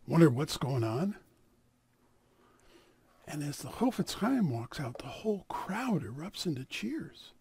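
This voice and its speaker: A man tells a story aloud in an animated, dramatic style, his pitch rising and falling widely. His voice is gravelly and husky, recorded dry and close. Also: no room sound. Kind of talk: oral storytelling.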